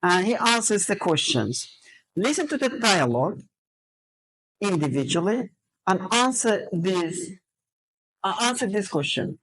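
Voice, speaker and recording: A woman's voice: medium pitch, sing-song, unhurried, pauses often, rough recording. A woman teacher trainer running a classroom lesson, drilling students with questions and counting out word stress. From Azerbaijan.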